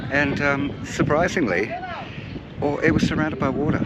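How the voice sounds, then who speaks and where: Out on location, a man filming a casual travel vlog talks straight to the camera, chatting away and teasing himself. He speaks at normal speed in a mid-range voice, with loud outdoor noise behind him.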